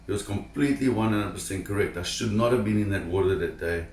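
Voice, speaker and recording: A man telling a personal diving story to camera in an animated, emphatic way, repeating words when excited. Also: fairly low pitch, fast talker, reverberant, slight background noise. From South Africa. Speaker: shark diver telling a story.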